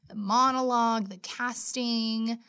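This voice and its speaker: A woman in her thirties presenting a casual podcast segment, chatty and enthusiastic with bursts of excitement. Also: a little high, takes it slowly, smooth, dry recording, studio quality. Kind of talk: casual monologue.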